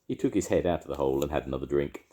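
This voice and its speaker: An older man reading a children's story aloud in an expressive, lilting way. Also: rumbling low, very fast.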